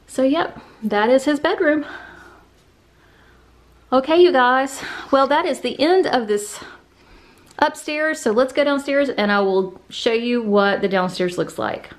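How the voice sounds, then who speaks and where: A woman's voice: sits high, expressive, a little slow. A woman vlogger walking through her new house, chatting casually with many fillers and a little out of breath. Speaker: vlogger giving a house tour. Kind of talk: casual house tour narration. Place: indoors, a house.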